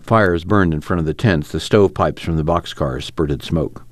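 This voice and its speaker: A man reading a novel aloud as narrator, measured and unhurried. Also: sits low, no echo. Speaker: audiobook narrator. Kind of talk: scripted narration.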